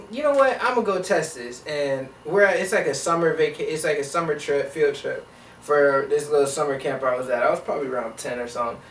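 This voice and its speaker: A young man telling a rambling, slangy story from his childhood, animated and full of restarts. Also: mid-range voice, far from the mic, slight background noise. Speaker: vlogger. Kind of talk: casual storytelling. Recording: roomy echo, voice a bit off mic.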